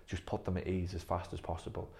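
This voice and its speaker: Very low-voiced blunt man. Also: monotone, quick pace, vocal fry, mellow. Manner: blunt, emphatic, swears freely. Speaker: clinic owner leading staff training. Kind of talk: staff training talk. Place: physio clinic room.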